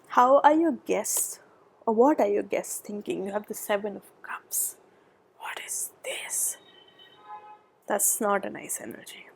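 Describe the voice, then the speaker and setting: Woman doing a tarot reading, kinda high breathy voice, slips into whispers, bit out of breath, noise behind. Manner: often drops to a soft whisper; gushing, excitable. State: a little out of breath. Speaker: tarot reader. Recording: background noise.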